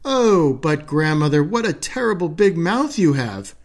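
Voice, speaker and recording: A man voicing an innocent, trusting young girl in a fairy tale, speaking gently and earnestly. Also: a little high, very animated, measured pace, exaggerated voice. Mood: uneasy.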